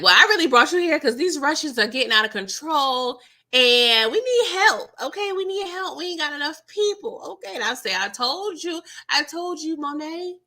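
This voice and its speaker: A woman with a bright, forceful, fairly high voice chats through a TV recap in loose slang. She jumps into characters' lines as she retells each scene and talks straight to her viewers. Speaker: TV recap host. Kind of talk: casual livestream recap chat.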